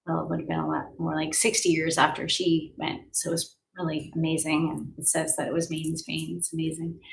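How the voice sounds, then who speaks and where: A woman life coach leads a live healing session from her home. Her voice sits low with a gravelly fry, and she guides breaths, sighs and spoken affirmations in a soothing, unhurried manner. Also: poor audio.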